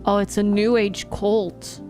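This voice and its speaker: A woman's voice: medium pitch, flat delivery, slow, warm tone, soft background music. A young woman live streamer chatting casually with her audience, laughing often and reacting to chat.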